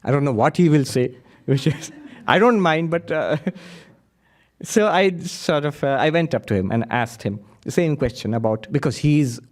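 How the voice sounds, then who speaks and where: Male monk lecturing, animated storyteller, laughs often, slightly high voice. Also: moderate pace. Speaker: monk giving a talk. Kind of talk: lively spiritual lecture with anecdotes.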